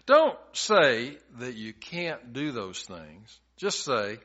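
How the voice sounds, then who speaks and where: A man preaching a sermon in a slow, unhurried cadence, his pitch rising and falling with lively swings. He tells scripture like a folksy storyteller. The recording sounds a little dull and lo-fi. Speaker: pastor.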